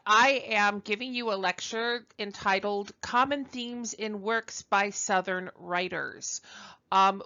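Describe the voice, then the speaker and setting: A woman's voice: medium pitch, fairly bright tone, muffled recording. A woman from Brooklyn giving a conversational recorded university lecture, chatty and self-deprecating, with frequent ums and uhs. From Brooklyn, New York.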